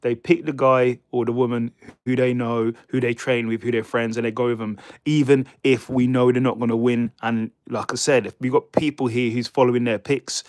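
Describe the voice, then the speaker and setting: A man's voice: medium pitch, no echo. Male streamer, loose chatty delivery, trips over names, dry mic. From United Kingdom. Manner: rambling, stumbles over fighter names, chats with viewers. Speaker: livestream host. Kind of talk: casual live-stream fight predictions.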